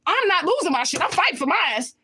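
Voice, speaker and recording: A woman's voice: very high voice, sing-song, quick pace, bright, forceful tone, slight background noise. A woman livestreaming and answering viewer comments in a blunt, confrontational way, swearing often and repeating her points for emphasis. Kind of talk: casual livestream talk.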